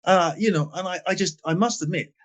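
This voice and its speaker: A man in his sixties from England, a guest in a podcast interview, telling stories with emphatic stress and quiet asides. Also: sits high, brisk. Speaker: guest, former footballer. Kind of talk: animated storytelling in a podcast interview.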